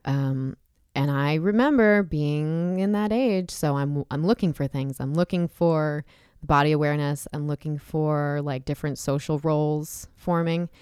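A woman's voice: low-pitched, measured pace, darkish tone, clear, resonant tone, dry recording, clean studio sound. A woman in her thirties hosting a casual chat, talking candidly with frequent swearing and laughter. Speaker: podcast host.

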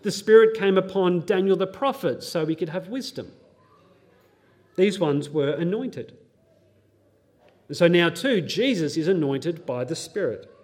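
A young man delivers a sermon in an earnest, teaching tone, his voice sitting a little on the high side. He reads scripture passages aloud and explains them plainly, now and then slipping in a nerdy pop-culture aside. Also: expressive, measured pace, long pauses, a little mellow. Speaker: pastor.

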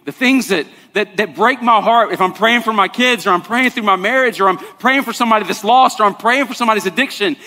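Bright-voiced male pastor in a reverberant hall. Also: extremely high pitch. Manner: conversational preaching, drops to soft intense tones. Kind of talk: sermon. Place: church sanctuary. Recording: long reverb of a large hall.

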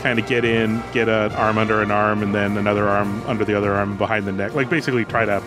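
A man's voice: on the low side, fairly even intonation, fast talker, over music. A man playing a tabletop game, planning his moves aloud in a hesitant way with many fillers. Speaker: player. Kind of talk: casual tabletop play.

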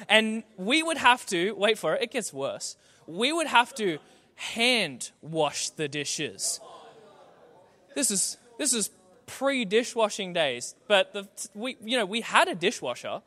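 Bright-voiced young pastor preaching. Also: male voice, high-pitched, long reverb tail. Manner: animated storytelling with self-mocking humor. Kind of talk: sermon.

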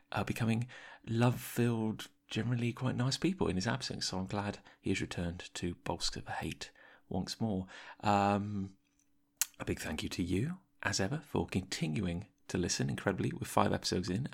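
A man hosting a podcast, delivering a whispered solo interlude in a hushed, raspy voice with many fillers. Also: on the low side. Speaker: podcast host. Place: editing suite, early morning.

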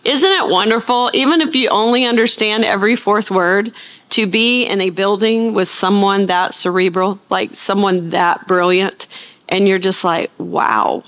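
Middle-aged woman Bible teacher, talkative and lively, full of playful asides to the congregation. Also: mid-range voice, normal speed. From United States. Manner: rambling, animated storytelling with playful asides. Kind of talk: chatty sermon intro to a live audience.

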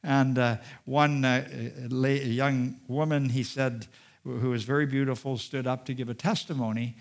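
Reading from scripture and adding his own commentary, this pastor preaches in a steady, mid-range voice at a measured pace. Emphatic high points alternate with soft, quiet asides.

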